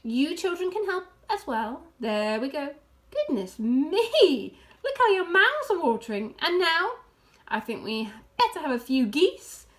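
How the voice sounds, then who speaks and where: A woman's voice: high voice, big pitch swings, unhurried, a bit bright, voice pushed up, heavily acted. A woman reading aloud and voicing a proud, showy male fox who talks in a grand, relishing way. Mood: gleeful. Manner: grand, relish-filled, commanding.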